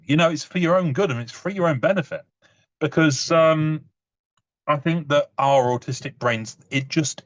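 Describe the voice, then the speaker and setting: A man's voice: medium pitch, highs cut off. A British man in his thirties giving a casual talk, telling personal stories in a chatty way with many restarts. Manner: chatty, frequent "you know", stumbling restarts.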